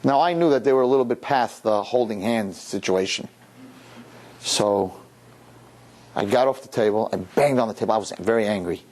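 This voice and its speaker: A male rabbi telling a story in a sermon, animated, acting out the people in it. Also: lowish voice, moderate pace. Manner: animated, acts out characters.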